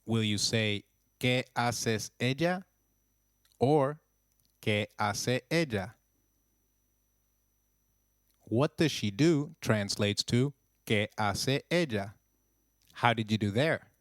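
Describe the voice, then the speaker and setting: Man, language teacher, unhurried delivery, dry studio sound, encouraging drills. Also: medium pitch, animated, dry recording. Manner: slow, clear, encouraging drills. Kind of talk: scripted lesson narration.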